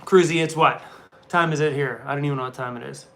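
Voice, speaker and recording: A man's voice: fairly high pitch, fast, creaky, a bit bright. A man chatting casually to his viewers on a live stream from a hotel room, laughing often and talking to his dog. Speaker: van-life vlogger on a live stream.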